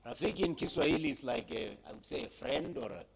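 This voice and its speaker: A man giving a public speech at a heritage conference, retelling a story dramatically with emphatic pauses and addressing young people. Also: high voice, wildly swooping pitch, gravelly, a crowd in the background.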